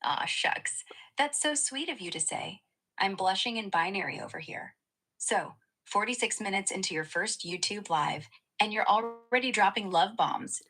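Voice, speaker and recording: A woman's synthetic assistant voice answers in a playful, slangy, flattering way. Her tone is bright and upfront, with a husky, breathy edge. She keeps the chat light and easygoing throughout. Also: mid-range voice, moderate pace, poor audio. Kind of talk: upbeat conversational replies.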